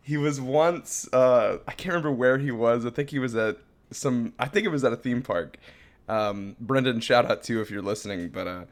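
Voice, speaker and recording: A man's voice: mid-range voice, moderate pace. A young man co-hosting a comedy podcast, rambling through stories and laughing as he talks. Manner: rambling, laughs often mid-sentence. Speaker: podcast co-host. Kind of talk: casual comedic chat.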